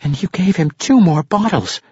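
An anxious young halfling fires off urgent questions, his voice pushed high and strained, as a male reader puts him on. The lo-fi recording is dry and slightly dull. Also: huge pitch swings, normal speed, a little mellow, breathy edge, no room sound, full character voice. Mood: pleading.

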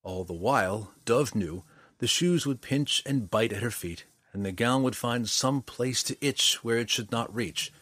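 A man narrating a fantasy story in an expressive storytelling manner. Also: mid-range voice, measured pace, no room sound, studio quality. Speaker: audiobook narrator.

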